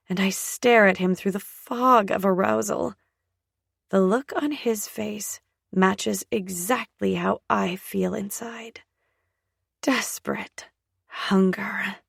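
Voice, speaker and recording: A woman narrating a first-person romance audiobook in a soft, breathy, often half-whispered voice. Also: medium pitch, no echo, studio quality.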